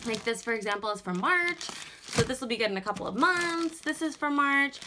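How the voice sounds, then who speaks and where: A woman's voice: high voice, expressive, fairly quick, noisy background. A young woman talking casually in a vlog, rambling and chatty with lots of fillers, a little out of breath. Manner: rambling, chatty, filler-heavy, self-deprecating. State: slightly out of breath. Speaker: wax collection vlogger. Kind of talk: casual chat.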